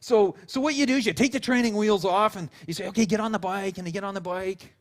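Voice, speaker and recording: A male pastor preaching a sermon in an animated storytelling way, with casual fillers and restarts. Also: high-pitched, fast talker. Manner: animated storytelling, acting out quotes.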